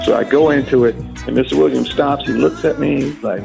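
A middle-aged man, a singer, telling an animated story in an interview and acting out the voices of the people in it. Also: a little high, a little fast, creaky, hardly any pauses, slightly rough, soft background music. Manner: animated storyteller who acts out quoted voices. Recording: phone-like narrow audio.

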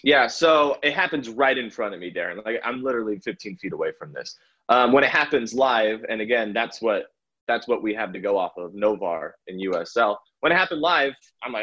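A man with a husky voice recounts what he heard from the field, often chuckling between halting phrases. The recording sounds slightly dull and muffled. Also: fairly low pitch, animated, fairly bright tone. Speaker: podcast co-host, pitchside reporter. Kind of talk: casual sports chat.

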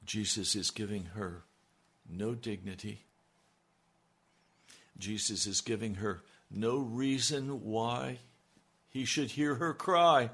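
A man's voice: lowish voice, slow, pauses often, fairly bright tone, husky. A male preacher delivering a sermon with an impassioned, emphatic manner.

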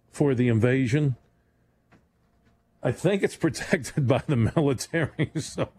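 Animated man hosting late-night radio. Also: medium pitch. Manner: animated, rambling, laughs often. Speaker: radio show host.

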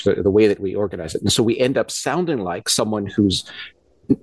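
A man speaking as a guest scientist in a radio interview, explaining ideas in a halting way with frequent restarts and repeated words. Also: fairly low pitch, no room sound. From Canada.

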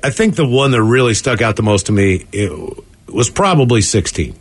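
A man's voice: medium pitch, animated, normal speed, slightly rough. A man hosting a radio talk show, joking and rambling with restarts. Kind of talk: casual radio banter.

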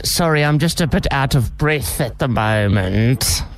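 A flirty, breathless fifty-something woman, as a man puts her on, talking slowly and sweetly. She sounds winded and suggestive, with a touch of noise behind her. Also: medium pitch, animated. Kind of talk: prank call role-play.

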